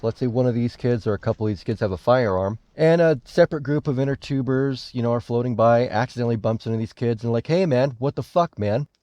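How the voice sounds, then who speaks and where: A man's voice: mid-range voice, mellow, no room sound. A man giving a rambling, profane, indignant commentary on a video. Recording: dull lo-fi recording.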